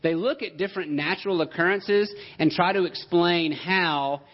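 A man delivers a sermon in a fairly high voice, talking with his congregation as much as to them. He presses his points with rhetorical questions and quick asides. The recording sounds dull and lo-fi. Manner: emphatic, conversational preaching with rhetorical questions. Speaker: pastor.

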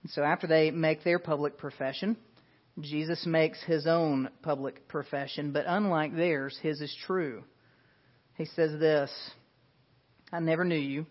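A man's voice: on the high side, steady tone, unhurried. Earnest man preaching, lo-fi sound. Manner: earnest, emphatic preaching with rhetorical questions. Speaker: pastor. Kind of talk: sermon. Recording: dull lo-fi sound.

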